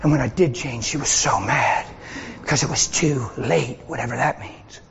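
A man preaching a fervent sermon who shouts at times and acts out voices. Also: medium pitch, moderate pace, creaky, slight background noise. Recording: dull lo-fi recording.

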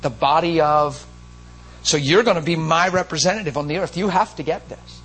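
A man's voice: a little high, moderate pace, a bit bright, low-quality recording. A man voicing an urgent, earnest teacher. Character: earnest male teacher urging his followers.

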